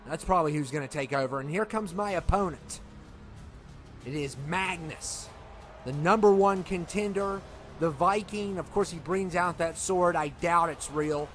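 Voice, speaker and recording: A man's voice: on the high side, normal speed, fairly bright tone, a little hiss or hum. A man whining and rambling as he commentates a wrestling video game in character. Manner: whiny, exasperated rambling.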